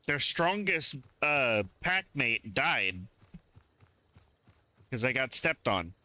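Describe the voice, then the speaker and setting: Lively, bright-toned male gameplay streamer. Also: medium pitch, takes it slowly, dry recording. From southern United States. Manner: chatty, animated, reacts aloud to the game. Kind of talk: live gameplay commentary.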